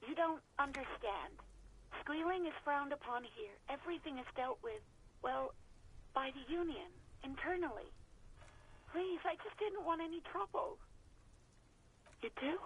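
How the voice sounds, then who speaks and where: Nervous ex-waitress on the phone. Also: female voice, high voice, lively intonation, unhurried, pauses often, a little hiss or hum, rough recording. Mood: anxious. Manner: apologetic, evasive, polite. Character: nervous young woman, ex-bar waitress on a phone call. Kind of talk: video game voice acting.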